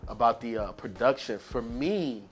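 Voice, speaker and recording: A man with a mid-pitched voice shares his view on a podcast. He speaks in a relaxed, easy way, dropping lots of fillers. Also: moderate pace, soft background music. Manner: relaxed, many fillers like "you know what I'm saying". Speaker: podcast co-host. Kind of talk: casual chat.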